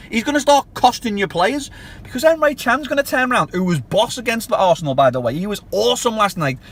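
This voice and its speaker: A man's voice: high voice, a bit bright, slight background noise. A man giving a passionate, ranting fan review of a match in clipped, punchy phrases. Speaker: football fan channel host.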